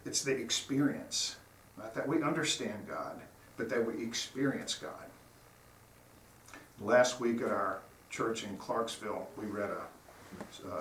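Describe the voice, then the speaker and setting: A man whose voice sits on the low side, with a fairly bright tone, preaches as a guest in a church sanctuary. His sermon is informal, earnest and conversational, built around stories. The hall sounds roomy, the mic is distant, and there's faint noise.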